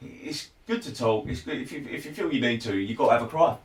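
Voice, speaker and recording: A man's voice: medium pitch, quick pace. A man speaking as a podcast guest, candid and laid-back in casual chat. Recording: echoey room, mic at a distance.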